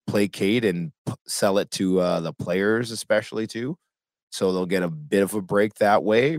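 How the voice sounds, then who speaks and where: A Canadian man with a fairly low voice talks sports in a measured, thoughtful way. The sound is dry and close, with no room echo. He talks each point through as a podcast co-host. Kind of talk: casual sports chat.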